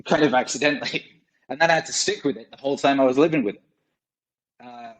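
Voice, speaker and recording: Speaking fast at a medium pitch over poor audio, a man in his forties guests on a podcast. The musician rambles through casual stories and swears often.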